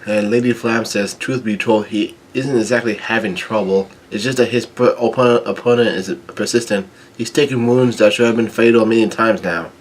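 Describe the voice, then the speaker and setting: A man reading a comic chapter aloud, stumbling, restarting words and filling pauses with ums. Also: lowish voice, fairly even intonation, a little hiss or hum. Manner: halting, with frequent restarts and ums. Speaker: manga chapter reader.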